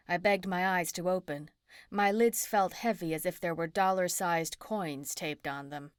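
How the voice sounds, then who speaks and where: A woman narrating an audiobook in the first person, in an even storytelling manner. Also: fairly low pitch, a little slow, clear, resonant tone, no room sound, studio quality.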